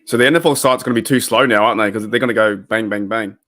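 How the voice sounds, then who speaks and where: An Australian man co-hosting a live-stream watch party, joking around and firing off quick questions. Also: fairly low pitch, a bit bright. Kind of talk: casual live-stream chat.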